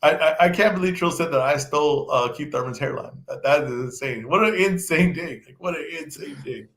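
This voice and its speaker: A man's voice: on the high side, fairly quick. A man co-hosting a boxing podcast in casual chat, teasing and joking with his co-hosts. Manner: teasing, jokey, excitable. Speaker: podcast co-host.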